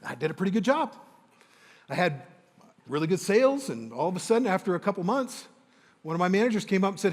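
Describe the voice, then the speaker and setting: Animated high-voiced motivational speaker man. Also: quick pace, long pauses. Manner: animated, enthusiastic, acts out dialogue. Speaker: motivational speaker and sales coach. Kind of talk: energetic motivational storytelling to a live audience. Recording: long hall reverb.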